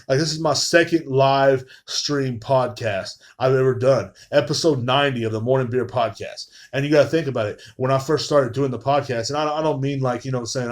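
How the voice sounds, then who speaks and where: Profane rambling man on a podcast. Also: mid-range voice. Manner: profane, rambling, frequent filler phrases. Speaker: podcast host. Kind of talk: casual rambling monologue. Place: room at home, live stream. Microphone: phone.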